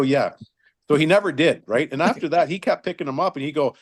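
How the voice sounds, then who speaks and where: A man's voice: on the high side, fast. A man in his fifties, a retired hockey linesman, telling stories casually and acting out the quotes. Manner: animated storyteller, acts out quotes. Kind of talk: casual storytelling.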